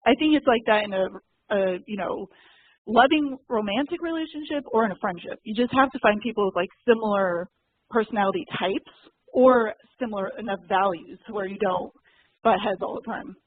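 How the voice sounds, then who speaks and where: A woman's voice: mid-range voice, a little fast, slight background noise. A woman chatting casually and candidly on a call, with lots of fillers. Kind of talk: casual chat. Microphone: call audio, muted and unmuted. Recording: thin phone-like dry call audio.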